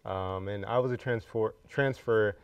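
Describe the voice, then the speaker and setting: A young man being interviewed on a talk show about student affairs, answering in a halting, relaxed way with fillers, on a dull, slightly lo-fi recording. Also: fairly low pitch, clean tone, no echo. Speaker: student affairs staff guest. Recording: dull, slightly lo-fi, dry sound.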